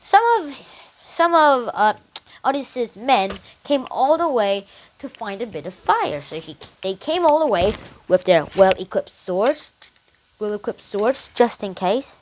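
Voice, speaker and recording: A young book reviewer excitedly retelling a story in a casual, animated way. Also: medium pitch, unhurried, a little hiss or hum, rough recording.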